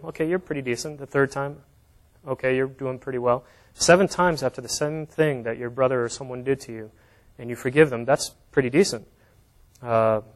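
A man preaching an informal sermon, reading scripture aloud and explaining it in a conversational way with plain everyday examples. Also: medium pitch.

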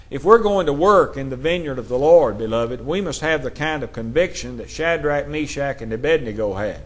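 A man preaching a sermon, reading scripture aloud and explaining it in a measured way. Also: mid-range voice.

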